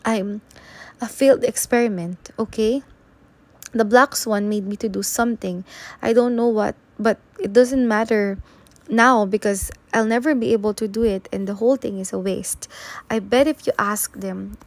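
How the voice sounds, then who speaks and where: A woman's voice: mid-range voice, fairly even intonation, moderate pace, close to an everyday voice. A woman reading aloud as an upset teenage girl who feels worthless, her voice raised and strained. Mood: pleading. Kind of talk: audiobook reading.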